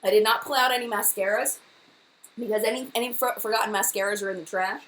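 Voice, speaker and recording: A woman's voice: medium pitch, fairly even intonation, fast, fairly bright tone, a little hiss or hum, low-quality recording. A woman hosting a casual live-stream makeup chat, gushing and enthusiastic, often repeating herself. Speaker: beauty vlogger, live chat host.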